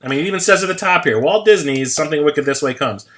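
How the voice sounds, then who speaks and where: Bright, chatty American man rambling. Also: a little high, animated, quick pace. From United States. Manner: rambling, swears casually, laughs at himself. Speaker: livestream host. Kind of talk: casual livestream chat.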